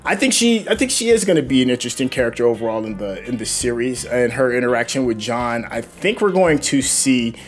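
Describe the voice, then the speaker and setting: A man hosting a casual TV episode review, talking in an animated, opinionated way and asking his co-host questions. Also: mid-range voice, a little fast, hardly any pauses, faint music behind. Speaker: show host reacting to a TV episode.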